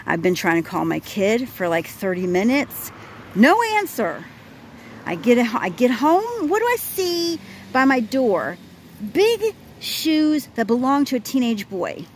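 A woman's voice: a little high, very animated, measured pace. A woman in her forties vents in a casual vlog, rambling and exasperated, with frequent restarts. She talks into a handheld phone while walking her dog outdoors, and faint passing traffic sits behind her voice. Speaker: vlogger.

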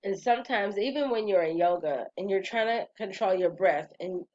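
A woman, talking casually to her viewers about calming down, chatty and sassy. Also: medium pitch, moderate pace, muffled recording. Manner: chatty, sassy, laughs and sighs often. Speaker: vlogger. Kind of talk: casual wellness talk.

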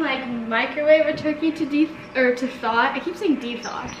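A woman's voice: sits high, normal speed, few pauses, echoey room, background noise. A young woman rambling chattily through a cooking vlog, mocking herself as she goes. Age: young adult. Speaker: vlogger.

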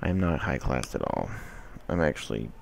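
A man's voice: rumbling low, sing-song, normal speed, vocal fry, a little mellow, a little hiss or hum. A young man giving casual commentary over his gameplay, rambling to himself and swinging between mock whining and mumbling. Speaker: gaming video host.

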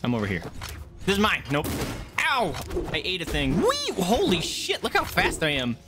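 A game streamer giving excited live commentary while playing, swearing often and squealing and yelping at the action. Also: medium pitch, moderate pace, background noise. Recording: loud game music behind the voice.

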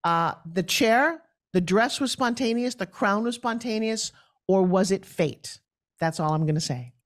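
A middle-aged woman speaking as a guest in an interview, telling lively stories and acting out other people's voices. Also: a little slow. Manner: acts out quoted voices with big pitch jumps. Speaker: guest, pitch expert. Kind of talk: animated storytelling interview.

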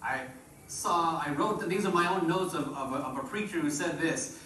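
Man, pastor, sermon, call-and-response, slightly high voice, faint room noise. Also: moderate pace, sharp tone. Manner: call-and-response preaching, rises and drops in volume. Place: church sanctuary. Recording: roomy church echo from far off.

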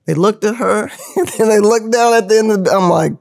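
This is a woman in her fifties telling a story as a guest on a podcast. She laughs often and jumps into the voices of the people she quotes. Her voice sits at a normal middle pitch for a woman. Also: brisk, creaky, a little mellow. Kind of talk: animated storytelling.

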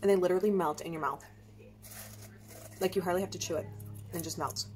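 A middle-aged woman chatting casually through a home cooking demo, upbeat and thinking out loud with fillers. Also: lowish voice, fairly even intonation, brisk, soft background music. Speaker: home cook vlogger. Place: home kitchen.

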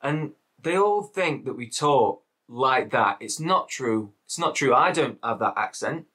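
Bright-voiced English Midlands man ranting. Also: medium pitch, animated, a little slow, breathy edge. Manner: ranting, swearing, repetitive. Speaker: reaction video host. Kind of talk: casual reaction commentary.

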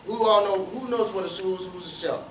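A man's voice: sits high, a little fast, a bit bright, a little hiss or hum. A man giving a motivational storytelling talk to a young audience, quizzing them with questions and repeating phrases for emphasis. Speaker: guest speaker at a youth cricket academy. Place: large room with an audience. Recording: roomy, distant, faint ambience.

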